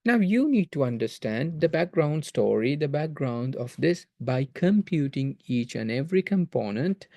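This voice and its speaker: A man's voice: a little high, very animated, moderate pace, gravelly, few pauses, darkish tone, no room sound, studio quality. Patient man giving a math lecture. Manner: patient, explanatory, repeats phrases to stress points. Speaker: math teacher. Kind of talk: recorded video lecture.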